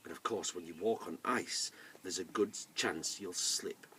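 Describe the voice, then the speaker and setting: A man telling a folk tale to children in a lively way, inviting the listeners to join in. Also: sits low, unhurried, recorded from a distance, a little hiss or hum. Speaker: storyteller. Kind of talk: oral storytelling for children.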